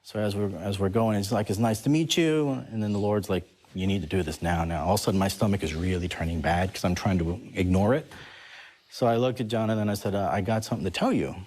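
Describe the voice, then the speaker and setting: Low-voiced man telling a story. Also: fast talker. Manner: animated, laughs while telling a story. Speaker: guest. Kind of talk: storytelling on a talk show.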